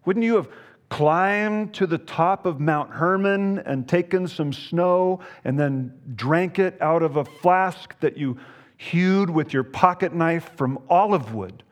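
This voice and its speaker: Earnest pleading servants, as a preacher puts them on. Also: male voice, fairly high pitch, slow pace, pitched above the performer's own voice. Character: humble servants pleading with a proud general.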